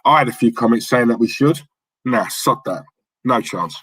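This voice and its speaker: A man's voice: mid-range voice, expressive, normal speed, fairly bright tone, husky, dry recording, poor audio. Chatty man, dry close sound. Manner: chatty and cheeky, many fillers and repeated words. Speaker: livestream host. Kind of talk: casual chat reading live comments.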